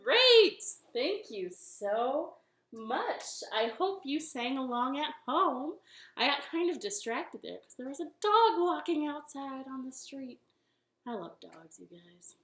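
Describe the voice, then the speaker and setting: A woman's voice: high-pitched, sing-song, slow pace, fairly bright tone, faint music behind. A woman hosting a children's storytime from her living room, chatty and playful as she talks to young children. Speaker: library storytime host. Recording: roomy home recording with faint ukulele.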